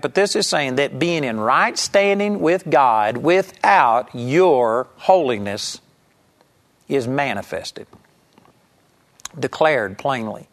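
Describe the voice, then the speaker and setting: A man preaching an earnest sermon, teaching from scripture and telling a story to make his point. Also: fairly high pitch. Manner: earnest, emphatic Bible teaching with anecdotes.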